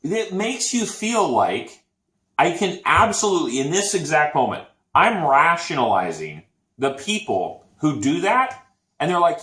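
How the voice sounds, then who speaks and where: A man co-hosting a casual chat show, telling a story with lively acted-out quotes. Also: fairly high pitch, unhurried. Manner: animated storytelling, acts out quotes. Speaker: podcast co-host. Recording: echoey room.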